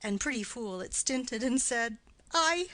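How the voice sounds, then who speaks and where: A woman reading the part of a garrulous, doting old nurse in an audiobook play, with her voice climbing high and loud as she rambles. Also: lively intonation, measured pace, no echo, rough recording. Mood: rambling.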